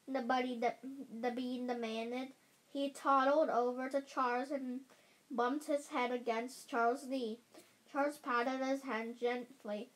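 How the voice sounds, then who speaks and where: A woman's voice: high voice, steady tone, measured pace, low-quality recording. A woman reading a children's chapter book aloud with care, often stumbling and restarting her lines. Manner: careful reading with frequent slips and restarts. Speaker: reader.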